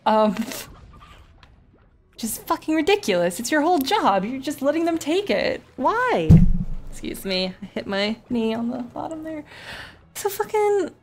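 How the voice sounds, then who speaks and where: A woman's voice: sits high, measured pace, music in the background. Chatty woman streamer swearing as she plays. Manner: chatty, animated storytelling with frequent swearing. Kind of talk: casual gameplay commentary.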